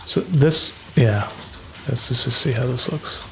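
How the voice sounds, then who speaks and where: A man casually talking through his drawing on a livestream, rambling and relaxed, with lots of "like" fillers. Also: medium pitch, slow, slight background noise. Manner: rambling, relaxed, heavy use of "like". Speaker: artist streaming his work. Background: faint background music.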